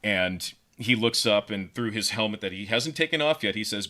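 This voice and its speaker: A man co-hosting a podcast, pitching a story casually with lots of fillers and repeated words. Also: animated, normal speed, hardly any pauses, sharp tone. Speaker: podcast co-host.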